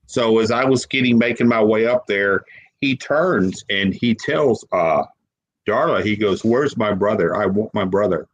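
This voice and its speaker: A man with a somewhat low voice tells a personal story as an interview guest. He speaks haltingly, repeating words as he goes. He sounds close to tears. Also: muffled recording. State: holding back tears. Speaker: guest paranormal investigator.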